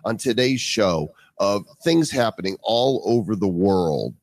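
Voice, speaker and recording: A man hosting a podcast, with a fairly low voice recorded close and dry. He walks through news stories in a casual, emphatic way. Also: lively intonation, measured pace, a little mellow, dry recording. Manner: emphatic, indignant remarks. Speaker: podcast host.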